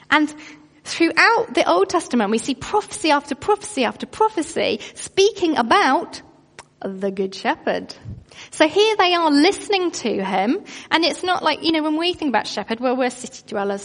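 Woman preacher, higher-pitched, emphatic sermon delivery, long hall reverb. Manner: emphatic, slows down on key phrases.

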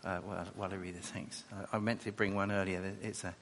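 A man preaching a sermon and reading scripture, animated and chatty, with quick asides and self-corrections. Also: low voice, slight background noise. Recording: echoey hall.

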